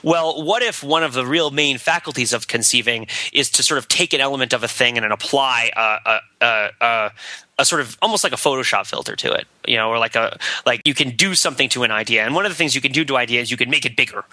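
A man co-hosting a podcast, musing at length in a rambling, animated way with frequent laughs. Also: mid-range voice, fast talker, no room sound. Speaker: podcast co-host. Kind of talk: casual discursive chat.

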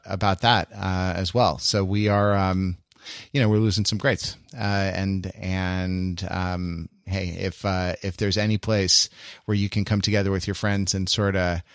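A podcast host chats casually in a low-pitched male voice, rambling along with plenty of fillers and restarts. The recording is dry and has clean studio sound.

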